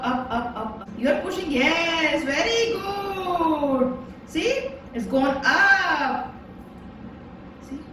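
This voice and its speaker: Mother explaining simply to a toddler, high and lively, recorded far off in an echoey room. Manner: patient, repetitive explaining with rising checks. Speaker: mother teaching her daughter. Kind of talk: home science lesson for a toddler. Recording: echoey room, distant mic, background noise.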